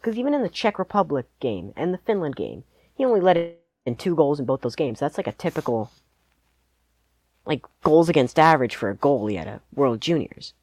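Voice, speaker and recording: A man's voice: fairly high pitch, sing-song, fairly quick, darkish tone. A man co-hosting a podcast, chatting casually about sports and hedging his picks with lots of "like"s. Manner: rambling, hedging, many "like"s. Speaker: podcast co-host.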